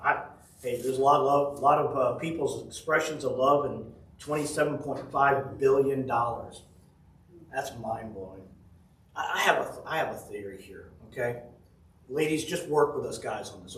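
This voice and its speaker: Speaking in a fairly bright, mid-range voice, a pastor shares folksy family anecdotes with chuckles during a relaxed devotional message. A far-off microphone gives the recording a roomy feel.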